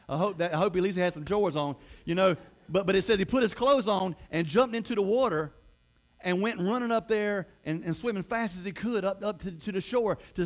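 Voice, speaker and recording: A man preaching a storytelling sermon, conversational with playful asides and frequent restarts. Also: high voice.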